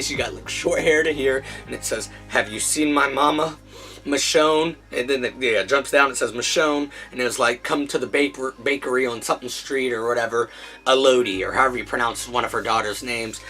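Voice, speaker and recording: A man hosts a comic book show, telling each plot with energy and jumping into the characters' lines. His voice sits at an ordinary middle pitch. Faint music plays underneath. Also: fairly quick. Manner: animated retelling, acting out characters' lines. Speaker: comic book review host. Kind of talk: casual chat recapping comics.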